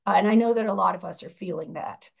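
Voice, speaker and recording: A woman's voice: mid-range voice, fast, gravelly. A woman chairing a union budget committee, presenting slides over a video call, explaining with frequent fillers and restarts.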